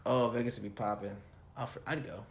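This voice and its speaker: A man's voice: mid-range voice, fairly quick. A young man talks casually and profanely, telling stories packed with slang. His voice sits in a middle register. The room around him is echoey. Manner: profane, animated storytelling with slang. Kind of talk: casual chat.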